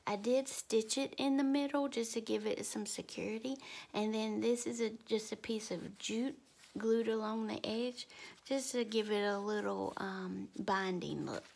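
A woman, talking in a soft half-whisper at home as she shows her craft work. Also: mid-range voice, steady tone, measured pace, creaky. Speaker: craft vlogger. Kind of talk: crafting show-and-tell. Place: home, early morning.

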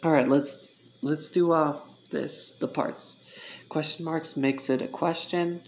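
A Spanish tutor gives an informal lesson in a fairly high, steady voice, with a little hiss or hum in the recording. He goes slowly, repeats words for students to practice, and often stops to correct himself.

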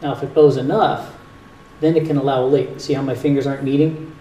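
Brief: male doctor with a Northern US accent, mellow tone, plain and patient, recorded from a distance in a roomy hall. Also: mid-range voice, steady tone, brisk. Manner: plain, patient explaining with dry jokes. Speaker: cardiologist giving a talk. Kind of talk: explanatory health talk with audience Q&A. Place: community hall at a retirement home. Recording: echoey hall, distant mic, faint hiss.

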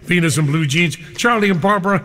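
A man's voice: high-pitched, fast talker, a bit bright, in a large hall. Exuberant older man hosting radio. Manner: exuberant, chummy, playful banter. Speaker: radio disc jockey. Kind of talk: live radio show hosting.

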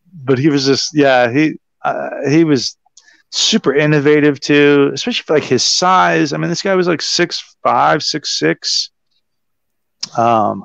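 A man with a gravelly, fry-laden voice tells rambling stories in a loose, casual chat, full of ums and restarts. His voice comes through a dry, muffled livestream connection with no room sound. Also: medium pitch, no echo. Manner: rambling, warm storytelling with many fillers. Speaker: wrestling podcast guest. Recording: dull, dry lo-fi stream audio.

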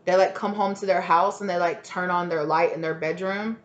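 A woman's voice: on the low side, steady tone, normal speed, muffled recording. A woman giving a casual tarot reading, rambling with lots of "like" and sudden exclamations. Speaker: tarot reader.

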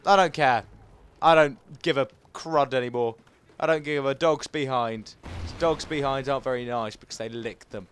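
A man's voice: mid-range voice, moderate pace, a bit bright, slight background noise. A man giving live gameplay commentary as a gaming video host, swinging between frustrated outbursts and muttered asides.

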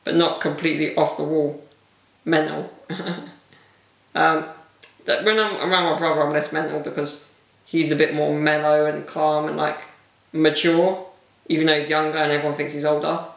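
A man's voice: a little high, level tone, moderate pace, creaky, pauses often, fairly bright tone, recorded from a distance. A man hosting a casual solo podcast, talking candidly and rambling with frequent laughs, his voice wearing thin. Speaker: vlogger and podcast host. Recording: echoey room, mic set back.

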